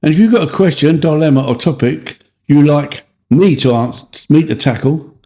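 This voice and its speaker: A man's voice: a little high, moderate pace, warm tone. A man in his sixties with a Cockney accent, co-hosting a casual chat podcast and stumbling cheerfully through a read outro. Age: 60s. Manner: stumbles over his reading, chuckling. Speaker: podcast co-host.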